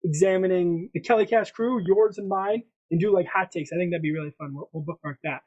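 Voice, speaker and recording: Chatty sports podcast host, lo-fi. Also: male voice, sits high, fairly quick, a little mellow. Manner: chatty, hype-style presenting with frequent restarts. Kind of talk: casual sports chat. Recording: dull lo-fi sound.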